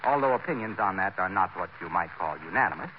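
A man's voice: sits low, animated, quick pace. A man playing a cheerful former singer turned wax salesman in a 1940s radio comedy, earnest and folksy. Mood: cheery. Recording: old lo-fi radio broadcast with hiss.

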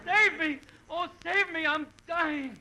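An actor playing a frantic, starving desert wanderer who shrieks and sobs in 1940s radio comedy. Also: male voice, extremely high pitch, takes it slowly, bright, forceful tone, full character voice. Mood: desperate. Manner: shrieking, sobbing pleas.

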